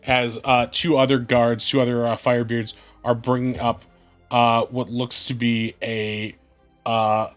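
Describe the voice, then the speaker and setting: A man's voice: medium pitch, a bit bright. Man narrating as game master. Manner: loose, filler-heavy narration.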